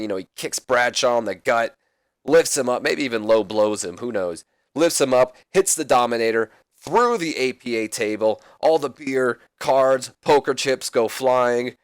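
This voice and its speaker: A man's voice: medium pitch, smooth, no room sound, studio quality. A man hosting a let's play, recapping a simulated wrestling show in a rambling, casual way. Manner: rambling, casual, mildly profane. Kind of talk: casual game commentary.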